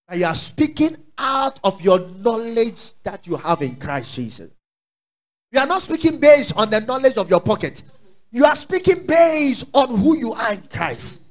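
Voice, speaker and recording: A Ghanaian man preaching a sermon as pastor, urging the congregation to repeat after him and swinging between quiet asides and loud declarations. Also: extremely high pitch, very animated, normal speed. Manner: exhorting call-and-response preaching.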